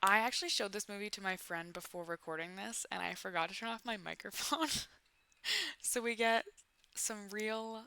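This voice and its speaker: A woman's voice: medium pitch, moderate pace, vocal fry, sharp tone, a little hiss or hum. A woman in her twenties hosting a casual comedy commentary about a bad movie, full of sarcastic, playful asides. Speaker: YouTube commentary host.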